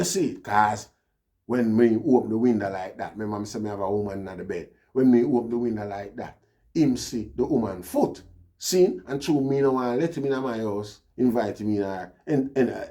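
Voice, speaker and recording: A man's voice: lowish voice, normal speed, dark tone. A man with a Jamaican accent telling a personal story in a casual, rambling monologue, often dropping in "you know, see". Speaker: vlogger.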